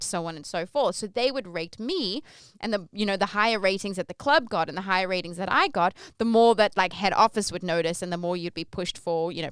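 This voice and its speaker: Woman, Australian accent, casual storytelling, very smooth clear voice, dry close sound. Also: medium pitch, dry recording. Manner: chatty, rambling, lively when acting out her stage intros. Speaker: podcast host.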